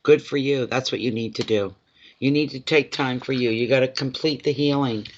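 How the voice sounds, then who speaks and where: A man giving live tarot readings in a plainly pitched voice, talking straight to his viewers and circling back over his own phrases. The sound is dull and lo-fi. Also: moderate pace, a little hiss or hum. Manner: repeats phrases, speaks directly to viewers by name. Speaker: tarot reader.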